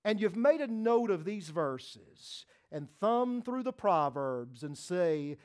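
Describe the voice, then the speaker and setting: A man preaching a sermon, swinging from loud, emphatic lines to soft, hushed ones and repeating phrases for emphasis. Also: sits high, big pitch swings, slow pace, hardly any pauses.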